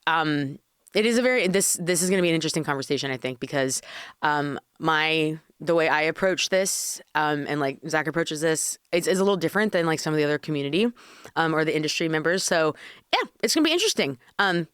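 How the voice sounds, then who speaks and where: A woman hosting a casual podcast, chatty and quick to laugh, with casual swearing. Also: sits low, fairly bright tone, clean tone, no room sound, clean studio sound. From Washington State. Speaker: podcast host, cannabis consultant.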